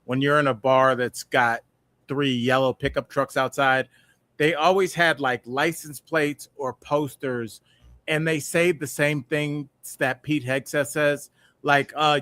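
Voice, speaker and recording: A man's voice: a little high, unhurried, a bit bright, dry recording. A man co-hosting a comedic news podcast, rambling and joking, often mimicking tough-talking guys. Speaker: podcast co-host. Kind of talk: casual comedic news chat.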